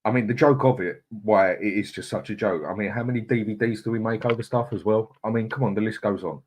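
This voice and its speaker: A man's voice: fairly low pitch, fast talker, darkish tone. A man hosting a live football stream, ranting angrily and swearing, then reading out and greeting viewers in the chat by name. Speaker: host.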